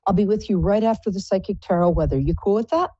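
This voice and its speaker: A woman's voice: medium pitch, quick pace, mellow, slightly rough, dry recording, muffled recording. A woman hosting a live psychic call-in show, chatting in a playful, rambling, self-mocking way. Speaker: psychic radio show host.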